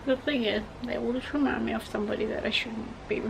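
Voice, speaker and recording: A woman's voice: fairly high pitch, fairly even intonation, fast talker, vocal fry, noisy background. A young woman chatting casually and emotionally as she reacts to an album, gushing about the songs. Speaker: vlogger reacting to music. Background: pop music playing.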